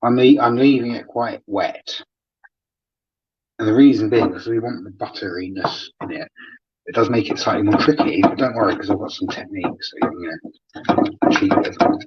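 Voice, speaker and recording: Casual male cook-host, husky voice, laid-back and chatty, lo-fi live-stream audio. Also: on the low side, normal speed. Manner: relaxed, chatty, laughs often. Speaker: cooking show host. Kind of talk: casual live cooking demo. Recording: dull lo-fi sound.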